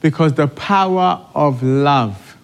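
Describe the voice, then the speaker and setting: A man's voice: on the high side, takes it slowly, smooth. A middle-aged man preaching a sermon with emphatic, repetitive exhortation.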